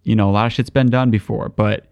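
A man's voice: lowish voice, steady tone, fast talker, a little mellow, dry recording, lo-fi sound. A man co-hosting a podcast, chatting casually and enthusiastically about albums, swearing now and then. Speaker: podcast co-host.

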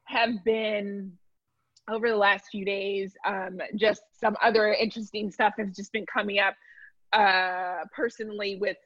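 Halting, earnest woman, dull dry audio. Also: mid-range voice, flat delivery, a bit bright, no room sound. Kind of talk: candid conversation.

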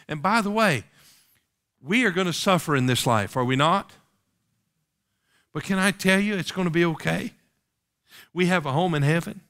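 A man's voice: a little high, animated, normal speed, long pauses, sharp tone. A man preaching a sermon, reading King James scripture aloud and pressing the congregation with rhetorical questions.

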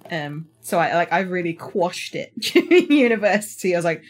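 A woman's voice: fairly low pitch, big pitch swings, normal speed, hardly any pauses. A woman from Somerset with a British accent, co-hosting a casual book podcast and often laughing at herself. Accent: British English. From Somerset, England. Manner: self-mocking, laughs often. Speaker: podcast co-host. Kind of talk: casual chat.

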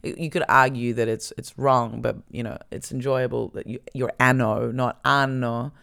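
A woman's voice: extremely low pitch, little pitch movement, moderate pace, vocal fry, fairly bright tone. An Australian woman hosting a casual podcast chat with dry, teasing humor, speaking into a handheld microphone. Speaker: podcast host.

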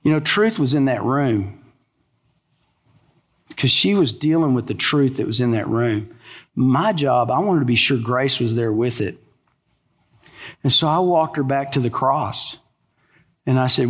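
Pastor preaching in a reverberant hall. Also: male voice, expressive, a little slow, pauses often. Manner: storytelling, drops to a hushed low voice in sad parts. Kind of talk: sermon. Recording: long reverb of a large hall.

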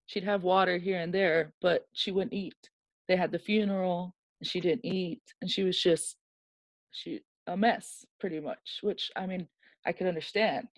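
A woman's voice: fairly low pitch, normal speed, dry recording. Candid woman telling an emotional story. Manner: animated storyteller who acts out quoted dialogue. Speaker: guest. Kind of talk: personal storytelling in a podcast interview.

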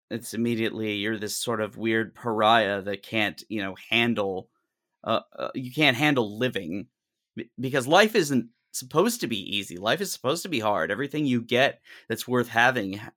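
A man's voice: mid-range voice, fairly bright tone. Exasperated man ranting and swearing. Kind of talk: candid casual conversation.

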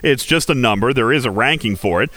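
A man hosting a casual game livestream, talking in an animated, rhetorical way with many fillers. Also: mid-range voice, fast talker, no echo. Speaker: livestream host. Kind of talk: casual game commentary chat.

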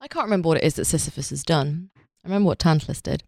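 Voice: mid-range voice, rapid-fire, no room sound, studio quality. A podcast co-host bantering in a playful, jokey casual chat.

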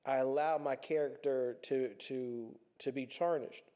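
A man's voice: medium pitch, fairly even intonation, a little slow, dark tone. A man talking earnestly in a reflective personal monologue, conversational and repeating himself as he works through his thoughts.

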